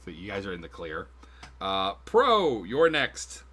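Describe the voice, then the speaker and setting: A man's voice: fairly low pitch, huge pitch swings, unhurried, a bit bright, slight background noise. A man running a tabletop game as game master, casual and swearing, with frequent laughs. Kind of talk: narrating a tabletop game on stream.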